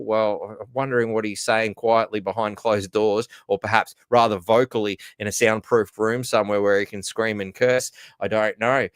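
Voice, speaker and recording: An Australian man hosts a solo news commentary, ranting sarcastically and trailing off into asides. His lowish voice is smooth and sounds close and dry. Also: no room sound. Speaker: host.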